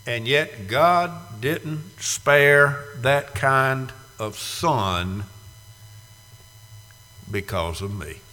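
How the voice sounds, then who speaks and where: A man in his sixties preaching a dramatic sermon, moving from hushed, slow passages to loud cries. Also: medium pitch, lively intonation. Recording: reverberant hall.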